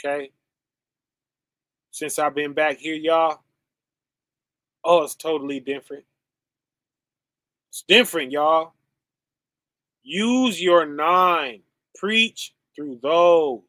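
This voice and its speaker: A man preaching casually over a stream, conversational and relaxed, often checking in with "right?" and "okay?" and calling his listeners "y'all" and "fam". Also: fairly high pitch, slow, pauses often, no room sound, clean studio sound.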